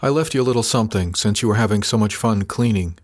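A man's voice: lowish voice, fast talker, no echo, clean studio sound, close to an everyday voice. A man reading the part of a stern, bullying male first mate on a ship, cold, clipped and threatening. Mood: mocking.

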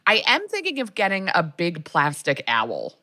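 A woman with a lowish voice and huge pitch swings speaks at a moderate pace, her tone pushed and bright, in a dry, studio-quality recording. She co-hosts a podcast, chatting casually and telling rambling, filler-heavy stories.

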